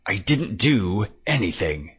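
A male audiobook narrator voicing a whiny, cowardly man who yelps his complaints in a high voice. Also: sing-song, takes it slowly, a bit bright, breathy edge, full character voice. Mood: whining. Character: whiny, cowardly middle-aged man caught in a scuffle. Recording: dull lo-fi recording.

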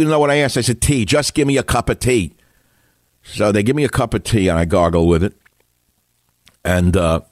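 Older male talk radio host, low-pitched, combative ranting delivery, dry close sound. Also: dry recording. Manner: combative, ranting, storytelling with sudden rises in pitch. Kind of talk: political talk radio monologue.

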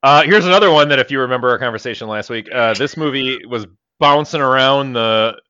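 A man's voice: medium pitch, a little fast, pushed and bright, clean tone, dry recording. A middle-aged man co-hosting a podcast, rambling casually and swearing as he goes over box-office charts. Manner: rambling, swears casually, talks while eating. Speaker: podcast co-host. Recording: dull, lo-fi dry podcast audio.

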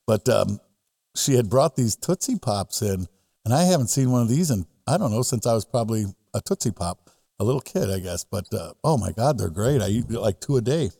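A man co-hosting a casual podcast chat who jokes loudly and acts out quoted voices. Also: lowish voice, sing-song, brisk, gravelly, no echo, clean studio sound. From Midwest United States. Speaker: podcast co-host.

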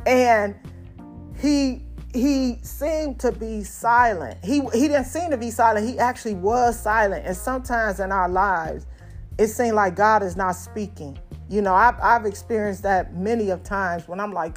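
A woman's voice: a little high, moderate pace, faint music behind. Woman preaching a folksy conversational sermon. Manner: conversational preaching with asides to the congregation.

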